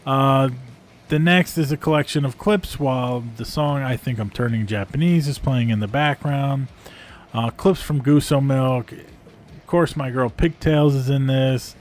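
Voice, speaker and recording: A man with a mid-range voice speaks a little slowly over a bit of hiss or hum. He casually reviews video clips, sounding amused, rambling, and using lots of ums and uhs.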